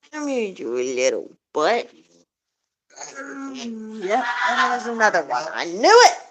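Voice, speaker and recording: Slow-talking woman coaxing her pets. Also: medium pitch, a little hiss or hum. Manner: coaxing, affectionate talk to her animals. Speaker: pet owner vlogger. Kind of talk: casual chat while doing evening chores.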